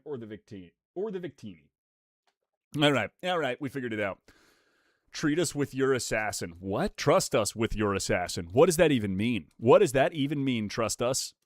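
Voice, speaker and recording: A young man live-streaming, chatting casually with his viewers while opening trading card packs. He is excitable and animated, swears casually and reads the chat aloud. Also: medium pitch, dry recording, studio quality.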